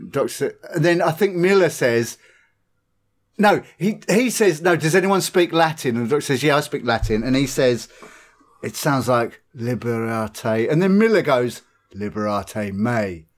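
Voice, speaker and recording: A man's voice: a little high, animated, normal speed. A man in casual podcast chat, retelling film scenes with laughs and swearing.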